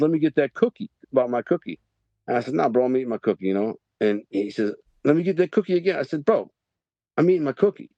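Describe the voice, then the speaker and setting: Middle-aged man, guest storyteller, animated and rambling, dry, slightly dull mic. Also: medium pitch, no echo. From Detroit, Michigan. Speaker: podcast guest. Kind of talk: storytelling interview.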